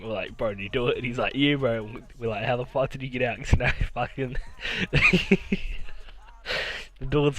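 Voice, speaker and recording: A man swapping a story straight to camera, loose and casual, with swearing scattered through it and laughter breaking in. His voice sits at an ordinary middle pitch for a man, neither deep nor high. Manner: profane, laughs through the telling. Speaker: vlogger.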